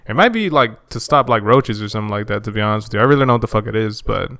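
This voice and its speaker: A young man chatting as a podcast guest, telling a story in an animated way with lots of profane slang. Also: lowish voice, rapid-fire, gravelly, no room sound, clean studio sound. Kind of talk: casual chat.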